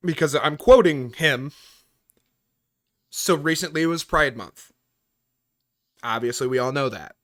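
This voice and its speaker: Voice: mid-range voice, a little slow, pauses often. Chill podcast host spinning stories, cursing constantly, doing everyones voices. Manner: animated storyteller, swears freely, voices people in the story. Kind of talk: casual podcast chat and storytelling. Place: room at home on a voice chat.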